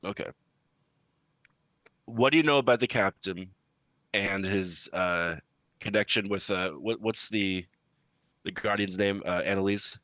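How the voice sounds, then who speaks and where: Low-voiced man with a bright edge, hesitant tabletop player, dry close sound. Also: a little slow, pauses often, dry recording. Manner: hesitant, with many restarts. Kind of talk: tabletop game play.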